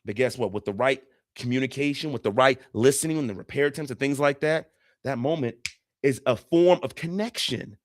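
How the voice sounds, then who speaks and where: A man's voice: mid-range voice, fairly quick, no room sound. Earnest male relationship coach, dry sound. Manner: earnest, repetitive, acts out quoted voices. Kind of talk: casual teaching talk.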